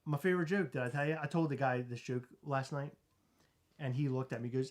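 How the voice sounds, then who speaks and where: A man hosting a casual livestream, cracking jokes and rambling through thank-yous. His voice sits at an ordinary middle pitch. He mentions he is in back pain. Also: brisk, darkish tone. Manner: joking, rambling, self-deprecating. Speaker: host.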